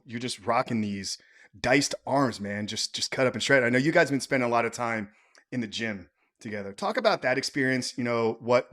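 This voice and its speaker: A man's voice: mid-range voice, fairly bright tone. A man hosting a podcast interview, talking in an enthusiastic, casual way and calling his guest man. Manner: enthusiastic, says man often. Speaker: podcast host.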